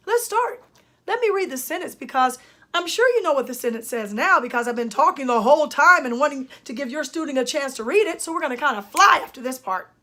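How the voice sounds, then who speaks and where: A woman's voice: sits high, a bit bright. An older woman, a speech-language pathologist, gives an emphatic grammar lesson and speaks straight to parents and students. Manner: emphatic, teacherly, addresses parents and students directly. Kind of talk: instructional lesson talk.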